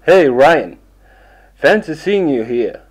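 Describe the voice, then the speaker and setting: Man as easygoing young traveler, slightly higher voice, unhurried, textbook dialogue. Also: expressive, low-quality recording. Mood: friendly. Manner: casual, apologetic. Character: friendly young man at airport.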